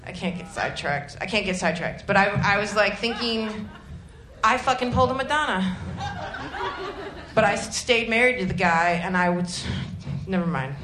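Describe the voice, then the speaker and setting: A woman's voice: mid-range voice, lively intonation, moderate pace, a crowd in the background. A woman doing stand-up in a comedy club, rambling and self-deprecating, with sarcastic asides. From Detroit area, Michigan. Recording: echoey club with ambient noise.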